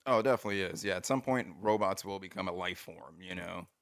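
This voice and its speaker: A man's voice: sits low, quick pace. A man co-hosting a casual podcast chat, explaining things at length with lots of "you know" and "like". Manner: explains at length with many fillers. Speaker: podcast co-host.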